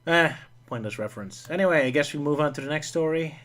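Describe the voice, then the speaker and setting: A Dutch man chatting casually on a podcast, joking with quick asides. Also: on the high side, fairly bright tone. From Netherlands. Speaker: podcast co-host. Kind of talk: casual chat.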